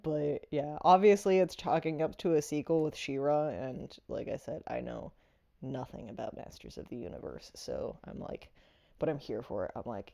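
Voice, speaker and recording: Rambling woman with a mellow, low voice. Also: moderate pace, gravelly. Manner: rambling, filler-heavy, laughs often. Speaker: movie reviewer. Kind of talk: casual spoken review.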